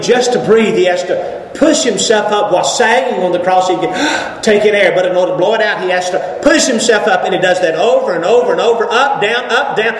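High-voiced preacher in an echoing hall. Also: male voice. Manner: dramatic, rises to shouts and drops to a hush. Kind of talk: sermon. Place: church sanctuary. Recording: very echoey hall with faint noise.

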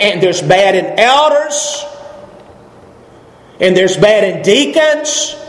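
A high-voiced preacher in his fifties delivers a folksy, emphatic sermon, his voice climbing on each exclamation. He is heard in a roomy church sanctuary with long reverb and faint room ambience. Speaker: pastor.

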